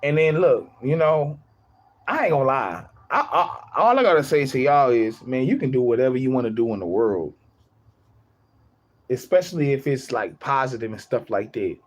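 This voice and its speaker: A man's voice: mid-range voice, animated, normal speed, dull audio. A young man chatting casually on his livestream, rambling, repeating himself and laughing often.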